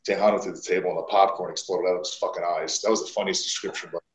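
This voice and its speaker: A low-voiced man talks at a rapid-fire clip as a guest on a wrestling podcast, telling stories bluntly and swearing a lot. His casual interview storytelling is animated and profane, and the recording has a roomy echo.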